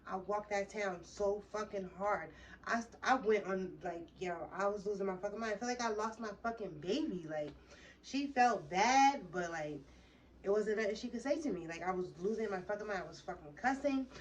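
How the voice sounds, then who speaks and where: A woman's voice: mid-range voice, a little fast. A young woman vlogger tells a heated, rambling, profane story in a casual way. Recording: distant mic with faint background noise.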